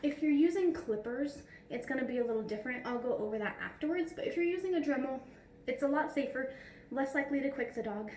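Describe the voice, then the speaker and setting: Woman groomer, casual home tutorial, slightly high voice, chatty, mic a little far off. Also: animated, fast, noisy background. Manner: chatty, laughs often, coos to her dog. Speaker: dog groomer. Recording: roomy sound from a distant mic.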